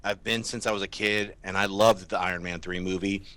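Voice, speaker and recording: A man's voice: low voice, fairly even intonation, a little fast, bright, forceful tone, dry recording. A male co-host losing his voice, giving emphatic, opinionated takes in a casual panel chat. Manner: opinionated, emphatic, mocks fan complaints. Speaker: movie show co-host.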